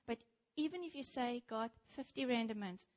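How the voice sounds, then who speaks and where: Brief: young South African woman preacher, fairly high voice, lively storytelling sermon delivered to a congregation. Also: moderate pace. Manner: animated storytelling, addresses the congregation directly. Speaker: church speaker.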